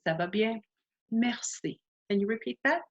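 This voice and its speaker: A woman's voice: on the high side, expressive, moderate pace. A woman teaching beginners, her voice rising and falling a lot as she models each phrase. She is patient and keeps asking the listener to repeat. The sound is dull and lo-fi. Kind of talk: beginner language lesson.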